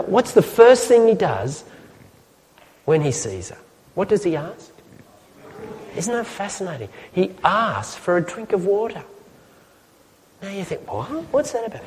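Male preacher, chatty and audience-engaging, animated tone, long hall reverb. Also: a little high. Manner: lively, chatty, asks the audience questions. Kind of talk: sermon.

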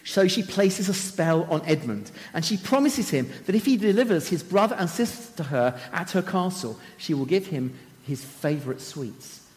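A man retells a story in a fairly high voice that swoops up and down with drama. His words ring out with the long reverb of a large hall. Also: animated, normal speed, a little mellow. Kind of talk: storytelling talk.

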